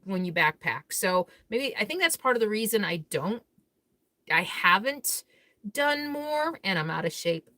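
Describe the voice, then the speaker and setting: A woman hosts a casual live Q&A stream, reading viewer comments aloud and answering them in a chatty, candid, blunt way, laughing easily between remarks. Her voice is mid-range with a fairly bright tone, and the recording is dry.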